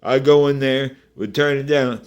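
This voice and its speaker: A man's voice: mid-range voice, fairly even intonation, moderate pace, clear, resonant tone. A man giving a rambling, profane personal rant in a vlog, often restarting and speaking directly to the people he is angry at.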